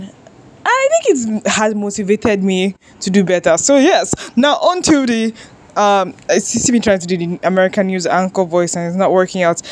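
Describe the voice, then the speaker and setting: A young woman from Nigeria hosting a solo podcast, talking casually and expressively, mocking herself and swearing freely. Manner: expressive, self-mocking, swears freely, pitch jumps for emphasis. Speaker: podcast host.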